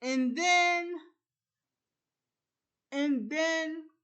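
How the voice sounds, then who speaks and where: High-pitched woman, very slow halting retelling. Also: a bit bright. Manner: halting, strings events with many repeated "and then". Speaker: host retelling a film plot. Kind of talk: casual plot retelling.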